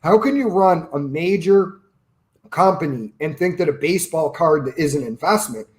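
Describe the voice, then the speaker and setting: Man, finance youtuber, slightly high voice, opinionated, casual chat. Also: animated, moderate pace, a little mellow. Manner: opinionated, storytelling with quoted asides.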